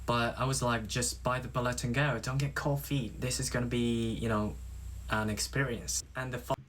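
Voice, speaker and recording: A man's voice: medium pitch, flat delivery, moderate pace, a bit bright. Man telling a story in careful English, faint noise. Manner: careful non-native storytelling. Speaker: language learner in a practice clip. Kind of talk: storytelling pronunciation practice.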